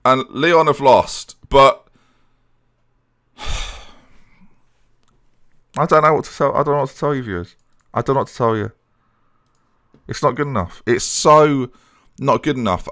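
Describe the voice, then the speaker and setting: A man talks his viewers through a football management game in a chatty, running commentary. His pitch moves widely, dropping low and mumbly, then leaping up in exasperation. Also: fairly bright tone. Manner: chatty, addresses viewers, swings into exasperated outbursts. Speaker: video game streamer.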